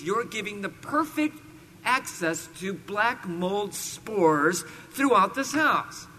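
A high-pitched, bright-voiced man from California preaching through a personal story. He is self-deprecating at first, then rises to emphatic, animated bursts, with faint room ambience behind him. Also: slight background noise. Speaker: preacher sharing a testimony. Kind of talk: storytelling sermon.

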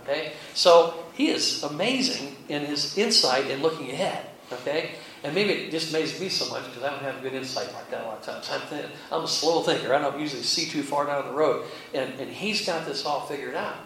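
Recorded from a distance in a very echoey hall with faint hiss, a male pastor teaches from the Bible in a chatty, folksy way, chuckling and often checking on his audience. He speaks briskly in a slightly high voice with a fairly bright tone.

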